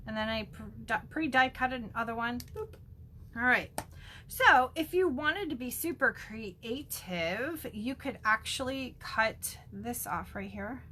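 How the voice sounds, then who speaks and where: A woman's voice: fairly high pitch, bright, forceful tone, slight background noise. A woman chatting through a casual card-making demo, gushing and full of ums. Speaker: stamping demonstrator.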